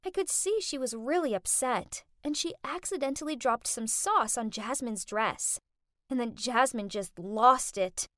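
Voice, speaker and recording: A woman's voice: a little high, measured pace, sharp tone, no echo, clean studio sound. A woman narrating a first-person story in a dramatic, gushing way.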